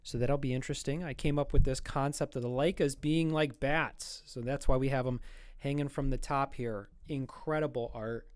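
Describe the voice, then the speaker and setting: A man's voice: medium pitch, steady tone, normal speed, a little mellow, clean tone, no echo. A man chatting casually while drawing on a livestream, rambling and joking at himself. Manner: rambling, self-mocking, chatty. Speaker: streamer and artist.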